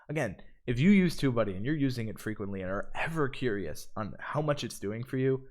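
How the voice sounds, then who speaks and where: A man hosting a live stream tutorial, upbeat, reading viewer comments aloud between explanations. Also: medium pitch. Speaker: livestream host. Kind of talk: live stream tutorial with chat shout-outs.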